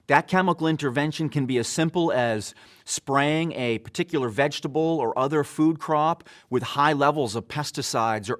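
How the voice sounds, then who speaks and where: A man reading a scripted explainer in a measured, explanatory way. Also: fairly high pitch. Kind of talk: scripted narration.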